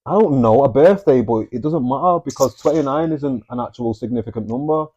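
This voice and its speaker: A young man chats on a podcast in a dry, easygoing way. His voice is mellow and warm, and he talks about everyday life at a relaxed pace. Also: mid-range voice, fairly quick, lo-fi sound. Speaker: podcast co-host. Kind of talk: casual chat.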